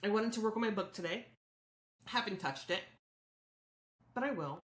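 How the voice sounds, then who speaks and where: A woman's voice: medium pitch, moderate pace, reverberant. A woman hosting a solo podcast, talking candidly and reflectively about her own thoughts and feelings. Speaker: podcast host.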